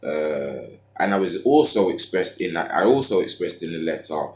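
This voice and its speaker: A man's voice: low voice, lively intonation, normal speed, darkish tone. A man telling a rambling personal story in slangy, loose talk full of fillers. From United Kingdom. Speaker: vlogger. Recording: echoey room.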